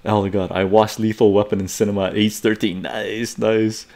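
A man's voice: lowish voice, flat delivery, moderate pace, vocal fry, a little mellow. A man in his forties, a live stream host, telling a story casually, laughing often and swearing freely.

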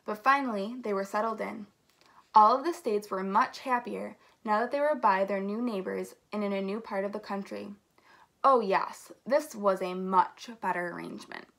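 A woman from an elementary school staff reading a picture book aloud to children, with a lively storytelling manner. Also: mid-range voice, moderate pace, vocal fry.

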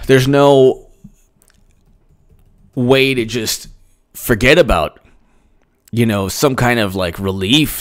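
A man doing solo political commentary, ranting and sarcastic, mocking people in put-on voices. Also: on the low side.

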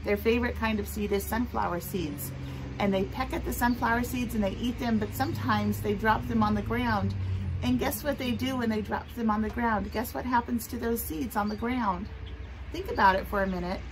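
Female preschool teacher, higher voice, soft singsong questions, outdoor porch with traffic and rain noise. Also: moderate pace. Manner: gentle, sing-song, asking children questions. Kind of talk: children's circle time and read-aloud. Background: passing trucks and rain.

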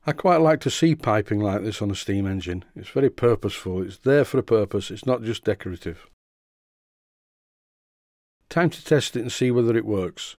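A middle-aged man from the north of England, calmly and methodically narrating a model engine rebuild. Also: on the low side, dry recording, clean studio sound. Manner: calm, methodical explaining. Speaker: model engineering channel host. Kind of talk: workshop voice-over narration.

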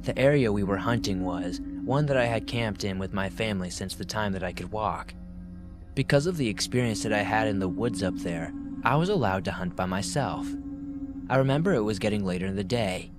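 A man narrating horror stories in a steady reading voice that drops to a hushed tone in tense parts. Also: lowish voice. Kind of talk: scripted horror story narration. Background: faint background music.

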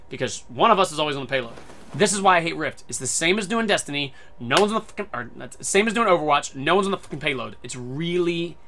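A man hosts a gaming channel, commenting casually on his match and ranting irritably with plenty of swearing. His voice is bright and sits a little high, and his pitch swings widely as he talks.

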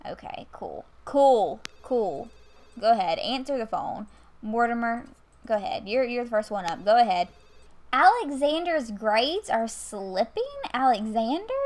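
A woman, chatting casually while playing a life-sim game into a desk mic, scolding the characters with exasperated asides. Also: medium pitch. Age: 20s. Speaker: gaming YouTuber. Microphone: USB desk mic.

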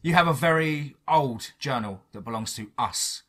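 A man's voice: mid-range voice, expressive, normal speed. A man voicing a bullying, taunting male government agent in a horror story. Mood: sneering. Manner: sneering, loud, taunting.

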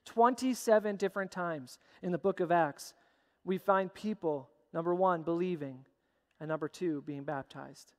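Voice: medium pitch, normal speed. A pastor preaching a sermon with emphatic, repeated phrases, recorded in a church sanctuary. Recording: long church hall reverb.

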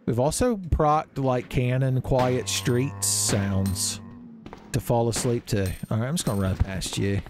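A man's voice: medium pitch, unhurried. A man doing joking, rambling gameplay commentary, calling listeners son. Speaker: let's play host. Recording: game music behind voice.

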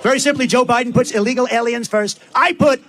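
A man's voice: extremely high pitch, fairly even intonation, fast talker, fairly bright tone, a little hiss or hum. A man giving a rambling, repetitive campaign speech at a rally, talking straight to the crowd. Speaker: political candidate at a rally. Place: rally before a live crowd.

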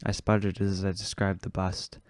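A man reading a novel aloud in a steady, low-key way. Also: moderate pace, no room sound. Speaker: audiobook reader.

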